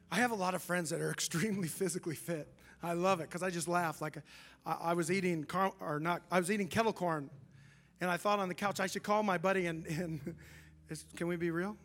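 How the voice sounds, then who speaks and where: A man's voice: on the high side, brisk. A young adult male pastor preaching a sermon, telling a story with humor and acting out a friend's words. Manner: animated, self-deprecating storyteller, acts out a friend's lines.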